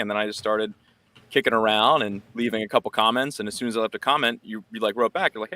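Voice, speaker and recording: A man, a guest on a podcast, casually telling how he found the show with animated retellings. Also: lowish voice, fast, dry recording. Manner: chatty, animated retelling with acted quotes. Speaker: podcast guest, music creator. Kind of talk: casual storytelling.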